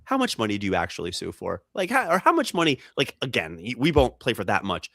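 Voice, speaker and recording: Speaking quickly with some vocal fry, this man co-hosts a comedy podcast and spins stories in relaxed chat. He brings the people in them to life, jumping in pitch to act out each quoted voice. The sound is dry and studio-grade.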